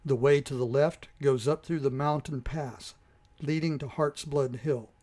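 A man voicing a calm, wise male Emberok guide in a storybook reading, speaking slowly and gravely. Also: mid-range voice, close to an everyday voice. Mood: measured. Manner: slow, grave and measured.

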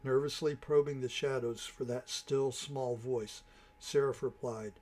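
A man narrating a storybook tale in a measured, dramatic way. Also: medium pitch, steady tone, darkish tone.

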